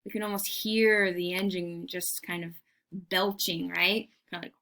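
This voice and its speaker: Woman teacher, eager lecture style, asks the class questions, slow pace, bright voice. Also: on the low side, steady tone. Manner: enthusiastic, rhetorical questions to the class. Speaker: art history teacher.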